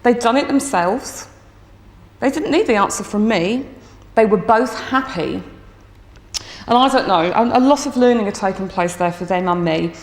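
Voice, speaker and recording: A woman teacher telling a story from her school to an audience, lively and acting out her own thoughts. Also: mid-range voice, normal speed. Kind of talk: storytelling talk. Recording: echoey hall with long reverb.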